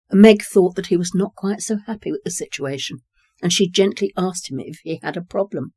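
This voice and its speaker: A calm narrator reading a short story at a measured pace. The voice is mellow and warm, recorded close and dry with no room sound. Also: medium pitch, dry recording.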